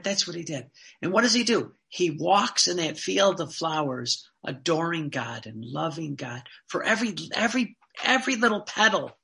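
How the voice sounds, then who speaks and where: A fervent religious teacher delivering a sermon-style talk, with a bright, forceful tone at a middling pitch. The delivery is earnest, and it slows down deliberately whenever a passage is read aloud. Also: creaky.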